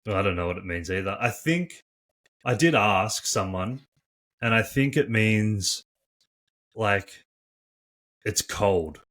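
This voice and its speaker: A man co-hosting a casual podcast as a coach, talking in an animated, chatty way full of "like" and swearing, on a close studio mic. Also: fairly low pitch, slow, long pauses.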